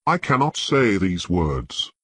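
A stubborn young warrior, as a male narrator reads him refuses with firm, plain words. The voice is low and husky, close and dry. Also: sing-song, takes it slowly, a bit bright, no echo, full character voice. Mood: reluctant.

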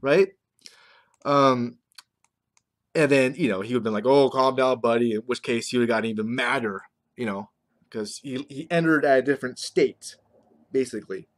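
A man's voice: mid-range voice, moderate pace. A man in a casual talking-head monologue, rambling conversationally as a marketing vlogger. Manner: rambling, conversational, keeps checking in with "right?".

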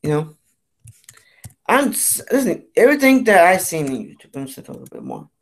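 A man vlogging a rambling, profane rant, halting and repetitive, with frequent restarts and stammers. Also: sits high, huge pitch swings, creaky. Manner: profane, repetitive, keeps saying "you know what I'm saying". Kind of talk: rambling ranting monologue.

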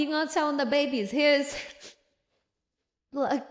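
A woman's voice: high-pitched, takes it slowly. Sassy woman recapping a comic. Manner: sassy, laughing, slangy. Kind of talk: casual comic recap commentary. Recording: roomy echo.

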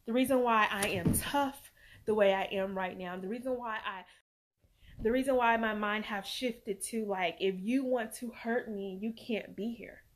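A woman talks straight to her viewers in an earnest, emphatic way, swearing at times. Her voice sits at a middle pitch and swings between loud, forceful stretches and quiet, near-tearful ones. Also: unhurried. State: near tears. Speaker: mother and vlogger. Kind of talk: emotional personal vlog talk.

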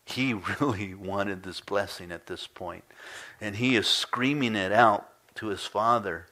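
A man preaching a sermon as pastor, reading scripture dramatically, rising into pleading cries and dropping to quiet emphasis. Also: lowish voice, a little slow. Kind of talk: expository sermon. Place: church sanctuary.

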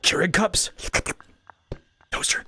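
A man streaming a video game, commenting casually, excitable and swearing as he yells at the game. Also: slow pace, in a whisper.

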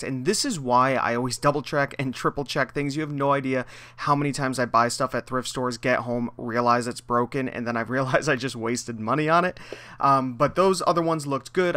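A man's voice: mid-range voice, pushed and bright. A young man vlogging casually as a thrift reseller, chatting through his finds and explaining prices step by step. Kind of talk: casual vlog voiceover.

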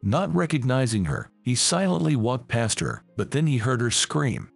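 A man narrating a scripted family story in a measured storytelling manner. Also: mid-range voice, sing-song, gravelly, no echo, soft background music.

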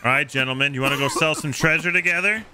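A playful, teasing man chatting casually while he streams a game, his voice sitting a bit on the high side. Clear background noise from the game runs behind him throughout. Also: fast. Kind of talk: casual gameplay chat.

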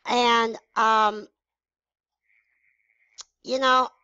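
A woman's voice: on the high side, little pitch movement, extremely slow, pushed and bright, clear, resonant tone, no room sound, lo-fi sound. A woman in her forties telling a personal story to her viewers, frank, emotional and blunt. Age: 40s. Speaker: vlogger. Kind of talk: candid personal story to camera.

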